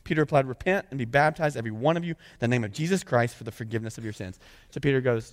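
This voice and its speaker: A man preaching a sermon, reading scripture aloud and breaking into lively conversational asides. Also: mid-range voice, racing, in a large hall. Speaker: pastor.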